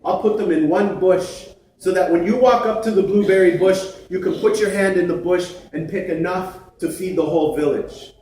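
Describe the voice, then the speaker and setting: A man's voice: high-pitched, moderate pace, hardly any pauses, darkish tone, a little hiss or hum, pitched above the performer's own voice, lightly acted. A man voicing the Creator, an ancient proclaiming spirit. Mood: generous. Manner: raised, proclaiming delivery. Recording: echoey theatre from far off.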